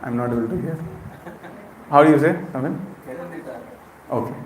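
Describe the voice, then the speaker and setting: In an echoey temple hall with an audience, a spiritual speaker (a middle-aged man with an Indian accent) puts questions straight to his listeners during an interactive lecture. He talks at a moderate pace in a mid-range voice, with slight background noise.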